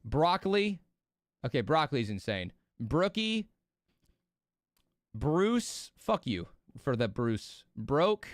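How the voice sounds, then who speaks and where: A man's voice: on the high side, takes it slowly, long pauses, no echo, clean studio sound. A man hosting a casual live-stream watch party, rambling and swearing freely as he chats with his audience, sleepy and yawning. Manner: rambling, profane and animated.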